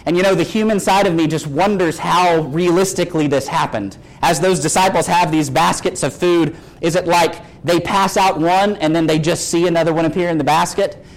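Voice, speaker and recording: Guy preaching a sermon, voice sits kinda high, reads the verses then acts out the bits. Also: normal speed, hardly any pauses, rough recording. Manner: reads scripture, then retells it with lively acted-out dialogue.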